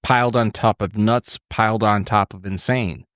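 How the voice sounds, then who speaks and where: A man's voice: fairly low pitch, fairly even intonation, normal speed, a bit bright, no echo. Profane rambling man, dry sound. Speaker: podcast host. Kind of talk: casual political chat.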